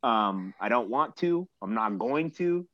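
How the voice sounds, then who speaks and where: A man's voice: medium pitch, lively intonation, unhurried, dry recording. A man in his thirties telling a rambling, self-mocking story in casual chat and swearing freely. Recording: dull lo-fi dry recording.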